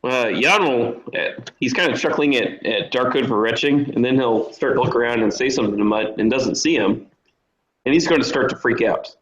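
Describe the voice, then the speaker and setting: A man's voice: medium pitch, moderate pace, fairly bright tone, roomy sound, muffled recording. A man playing a tabletop role-playing game, describing his character's actions with hesitant fillers. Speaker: player.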